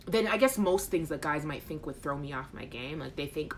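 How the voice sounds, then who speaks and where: A woman with a deep voice hosts a casual live chat show, speaking at a moderate pace with few pauses. She reads viewer comments aloud in a playful, frank, animated manner, laughing along the way, and there's a little hiss or hum in the audio.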